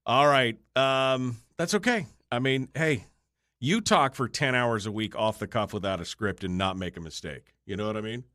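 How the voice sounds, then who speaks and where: A male radio talk show host chats off the cuff with his online audience during a break, speaking at a moderate pace in a medium-pitched voice that's pushed and bright. The dry, studio-quality livestream catches him tired and yawning as he rambles, jokes with chat, and pokes fun at himself.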